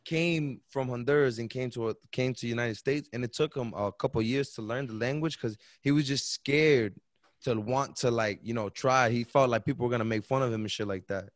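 A man's voice: mid-range voice, brisk, no echo, studio quality. A man co-hosting a podcast, telling stories in slangy, easygoing casual chat. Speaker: podcast co-host.

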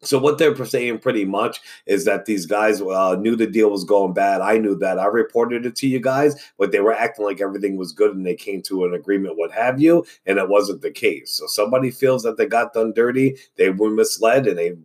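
Male podcast host, husky low voice, reads news loosely, stumbles and restarts. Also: brisk, hardly any pauses. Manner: stumbles over words and restarts. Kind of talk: casual news podcast reading.

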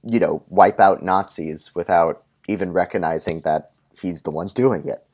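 A man on a podcast reading a dark comic story in a deadpan way and chatting with chuckling asides. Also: low voice, moderate pace.

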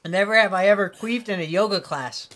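A man's voice: high-pitched, brisk, a bit bright. A young man co-hosting a casual podcast, laughing and reading out party-game prompts during a spicy food challenge. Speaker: podcast co-host. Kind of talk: casual chat.

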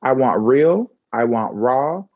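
A woman talking candidly in a conversational chat, frank and expressive with slangy asides. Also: rumbling low, slow, phone-quality sound.

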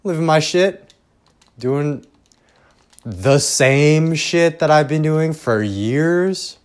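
A young man talks alone into his podcast setup, drifting from thought to thought and swearing freely. He speaks slowly, stalls often, and pokes fun at himself. He wears headphones while recording at home. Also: fairly high pitch, lively intonation. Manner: profane, self-deprecating, trailing off. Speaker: podcast host. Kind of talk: rambling casual monologue.

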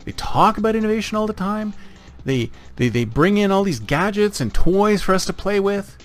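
A man's voice: high voice, lively intonation, moderate pace, faint music behind. A man hosting a podcast monologue, speaking emphatically and repeating phrases for effect. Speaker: podcast host.

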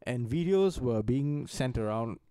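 A man's voice: mid-range voice, animated, measured pace, warm tone, clean tone, no room sound. A man co-hosting a casual podcast, explaining things at length in a loose, swearing way. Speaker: podcast co-host.

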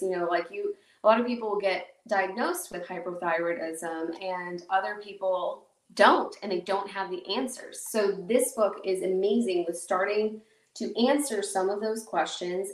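A woman's voice: medium pitch, distant mic. A woman hosting her own podcast in a casual, rambling, self-mocking way, with lots of fillers. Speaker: podcast host. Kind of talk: casual solo podcast talk. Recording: echoey room, voice a bit off-mic.

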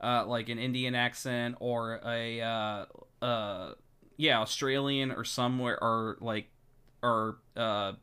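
A man's voice: medium pitch, steady tone, slow, sharp tone, clear, resonant tone. A man co-hosting a podcast, chatting casually with rambling jokes and restarts. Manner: joking, rambling, self-interrupting. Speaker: podcast co-host. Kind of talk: casual chat.

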